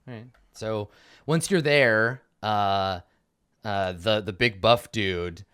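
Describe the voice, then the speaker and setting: A man's voice: lowish voice, slow, fairly bright tone, smooth. A man narrating as game master of a tabletop game, rambling with fillers and restarts.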